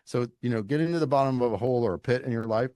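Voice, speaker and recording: Middle-aged Louisiana man, coach as guest, folksy animated storyteller, average pitch, dry close sound. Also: very fast, no echo. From Louisiana, United States. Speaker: leadership coach, podcast guest. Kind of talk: conversational interview.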